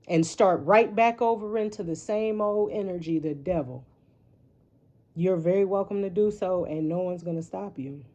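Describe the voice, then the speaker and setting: The recording cuts off the highs as a woman with a dark, mid-range voice does an informal tarot reading. Her delivery is rambling, candid and full of swearing, peppered with rhetorical "right?".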